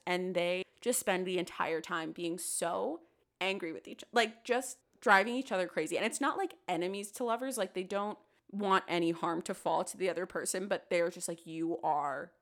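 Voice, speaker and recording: A young woman co-hosting a casual book podcast, relaxed and agreeable. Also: medium pitch. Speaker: podcast co-host. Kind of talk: casual chat.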